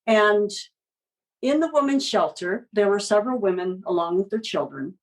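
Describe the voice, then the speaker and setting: Expressive woman telling a story. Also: medium pitch, moderate pace, poor audio. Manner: expressive storyteller, gentle and encouraging. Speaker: guest, children's book author. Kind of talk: podcast interview storytelling.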